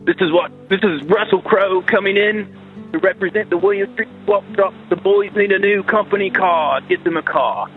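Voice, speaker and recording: A man's voice: high voice, moderate pace, pitched above the performer's own voice, close to an everyday voice. Man putting on a hammy australian movie-star voice, thin phone-line sound, faint music behind. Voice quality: stereotyped Australian put-on. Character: Russell Crowe impression, Australian male actor.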